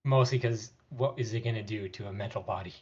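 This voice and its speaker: A man's voice: on the low side, a little fast, a little mellow, husky, muffled recording. A man playing in a tabletop game, unsure and thinking aloud as he decides what to do. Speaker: player. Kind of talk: casual tabletop play.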